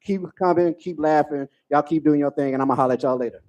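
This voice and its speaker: A man in his forties doing a profane stand-up comedy set, telling stories with animated asides. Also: fairly high pitch, fast, muffled recording, slight background noise. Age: 40s.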